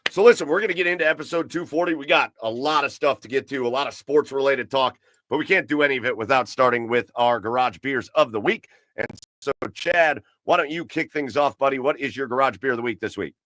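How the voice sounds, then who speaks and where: A man co-hosting a casual podcast from his garage, chatting in a relaxed, rambling way and gushing about beer. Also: medium pitch, quick pace. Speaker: podcast co-host. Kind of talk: casual chat. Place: home garage.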